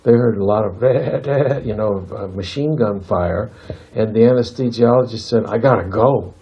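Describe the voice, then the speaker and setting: Deep gravelly man telling a story. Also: a little slow. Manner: earnest, circling back to repeat key points. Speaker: spiritual talk leader. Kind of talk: informal storytelling at a spiritual gathering. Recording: lo-fi dull recording.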